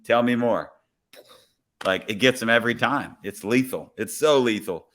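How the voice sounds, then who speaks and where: A man who is a police officer, a guest on a podcast, telling a story in a relaxed way and acting out the dialogue. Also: mid-range voice, moderate pace, a little hiss or hum. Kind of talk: casual podcast conversation, storytelling.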